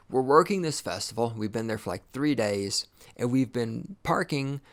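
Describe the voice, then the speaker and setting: Guy ranting on his podcast, swears constantly, voice swings up and down a lot. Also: medium pitch. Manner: angry, swearing, scornful. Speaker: podcast host. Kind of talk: profane ranting monologue.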